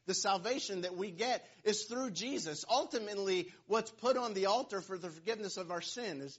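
A man's voice: high voice, a bit bright, husky. A man preaching a sermon, retelling a scripture story in a playful, joking way with asides to the listeners. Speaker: pastor. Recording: dull, lo-fi sound.

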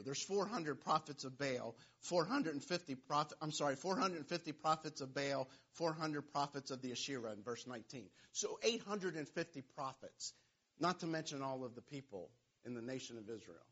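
A man's voice: a little high, lively intonation, normal speed, fairly bright tone, breathy edge. A man preaching a sermon, retelling a scripture story in a playful, joking way with asides to the listeners. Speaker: pastor. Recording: dull, lo-fi sound.

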